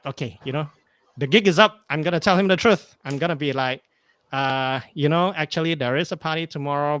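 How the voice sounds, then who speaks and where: A man's voice: mid-range voice, fairly bright tone, smooth, dry recording. A man telling a rambling anecdote on a remote call, hesitant and full of fillers, acting out bits of dialogue. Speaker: podcast guest. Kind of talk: casual storytelling chat.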